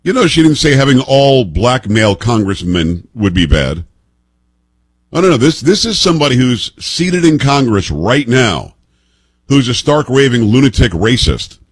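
A man's voice: medium pitch, big pitch swings, normal speed, husky, no echo. A man in his fifties hosting political commentary, emphatic and sarcastic, firing off pointed rhetorical questions. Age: 50s.

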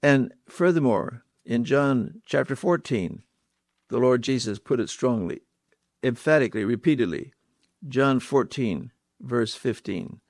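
Preacher, male, mid-pitched, dry close sound, emphatic with repeated words and rhetorical questions. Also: lively intonation, unhurried, darkish tone, no room sound. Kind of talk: sermon.

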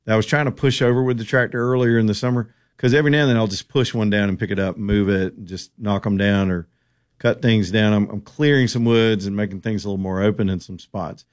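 A middle-aged man from the American South holds forth as a talk radio host. He speaks in a fairly low voice, sarcastic and folksy, rambling from point to point in an opinionated way. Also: steady tone, quick pace.

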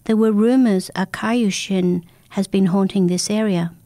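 A woman's voice: medium pitch, steady tone, measured pace, warm tone, dry recording, lightly acted. A woman voicing a grave, patient old monk. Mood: solemn.

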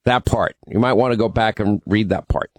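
A man's voice: lowish voice, moderate pace, dry recording. A man hosting a political talk radio show, opinionated and emphatic, taking calls and teasing callers. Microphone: studio microphone.

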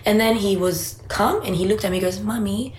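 Woman, mother, casual co-host, animated storyteller, mid pitch, echoey room. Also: brisk, slight background noise. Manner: chatty, animated storyteller who laughs easily. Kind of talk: casual conversation, anecdotal storytelling.

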